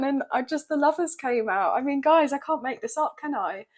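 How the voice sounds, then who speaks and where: A woman's voice: high-pitched, expressive, moderate pace, hardly any pauses. A woman doing a tarot reading, chatty and emotional, often checking in with her viewers. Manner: gentle, chatty, emotional, often saying "okay, guys". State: a bit croaky. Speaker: tarot reader.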